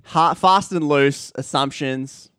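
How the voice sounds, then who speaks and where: A man's voice: fairly high pitch, slow, pushed and bright, smooth, dry recording, studio quality. A man co-hosting a casual podcast, playfully quizzing the guest. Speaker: podcast co-host.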